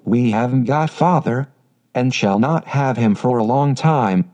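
A man reading the lines of a bold, bookish teenage girl in an even, unacted synthetic voice. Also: mid-range voice, unhurried, close to an everyday voice.

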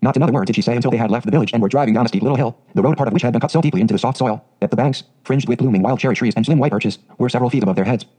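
A man narrates a storybook in a steady, scripted reading. He moves very fast, in a dark, mellow tone. The voice has a husky grain. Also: medium pitch, rough recording. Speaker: audiobook narrator.

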